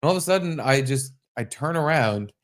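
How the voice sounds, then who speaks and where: A man co-hosting a casual podcast, telling stories in an animated way, swearing freely and acting out his own startled yelps. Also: fairly high pitch, fairly quick. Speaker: podcast co-host. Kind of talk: casual chat.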